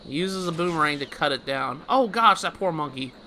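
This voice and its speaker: A man's voice: fairly high pitch, lively intonation, a little fast, sharp tone, a little hiss or hum. A man giving a casual, chatty game walkthrough, often laughing while he explains each step. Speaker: let's play host.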